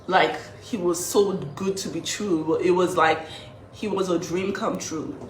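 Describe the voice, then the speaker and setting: A woman's voice: fairly low pitch, fairly even intonation, measured pace. Young woman, teary but defiant, echoey room with a little background hum. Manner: emotional, defiant. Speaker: woman telling her side of a breakup. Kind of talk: casual social media video.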